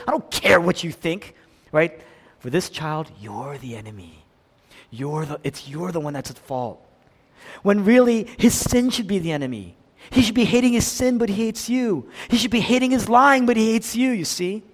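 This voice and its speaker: A man preaching a sermon, acting out quoted voices with big swings between loud and soft. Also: animated, fairly quick. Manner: dynamic preaching, acts out quotes with big swings in pitch and volume. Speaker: pastor. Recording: long reverb of a large hall.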